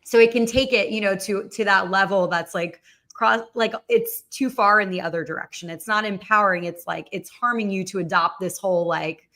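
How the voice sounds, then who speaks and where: A woman's voice: mid-range voice, fairly quick, pushed and bright. A woman hosting a livestreamed talk show, speaking casually with many fillers and asides. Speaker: podcast host.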